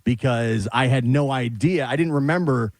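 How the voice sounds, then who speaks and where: A man's voice: medium pitch, moderate pace, darkish tone, no echo. A man co-hosting a radio show, telling a sheepish story about himself and laughing along. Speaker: radio co-host. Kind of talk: casual studio banter.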